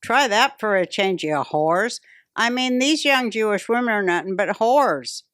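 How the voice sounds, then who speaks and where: A woman hosting a casual podcast, talking bluntly and swearing freely as she airs strong opinions. Her voice sits at an ordinary pitch, heard close and dry with no room sound. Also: lively intonation, measured pace, fairly bright tone, dry recording. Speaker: podcast host.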